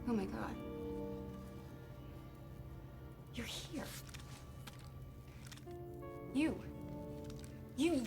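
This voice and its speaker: An actress playing a desperate young woman who pleads and threatens to shoot, her voice breathless and rising to frantic. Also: sits high. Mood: stunned. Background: game music.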